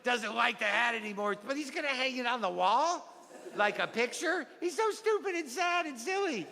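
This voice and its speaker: A man's voice: very high voice, expressive, normal speed, pushed and bright, voice pushed up, full character voice. A man on a comedy stage voicing a small child earnestly reading a favorite picture book in a naive, sing-song way. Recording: reverberant live club with crowd noise. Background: audience laughter.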